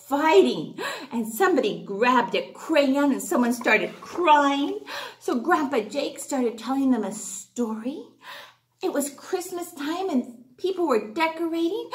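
Give me a woman reading a storybook to little kids, lively and slow, in an echoey room. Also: high voice. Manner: animated, gasping, asking children questions. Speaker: teacher reading to young children.

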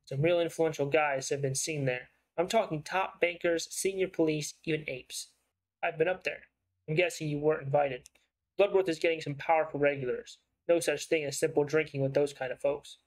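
A man voicing a shrewd, persuasive investigative writer in a story game, with a smooth, probing way of talking. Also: fairly high pitch, fairly even intonation, moderate pace, natural voice, poor audio.

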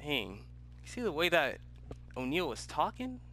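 Bright-voiced young gamer yelling at the screen. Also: male voice, fairly high pitch, sing-song, normal speed, a little hiss or hum. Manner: rambling, with loud yelled outbursts. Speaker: gaming YouTuber. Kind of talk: let's play commentary. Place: home room.

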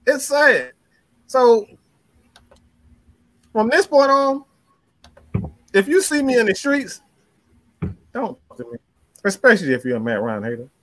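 A man's voice: extremely high pitch, sing-song, measured pace, long pauses, fairly bright tone, no echo. A man co-hosting a sports talk show, ranting bluntly and with plenty of profanity. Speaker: podcast co-host.

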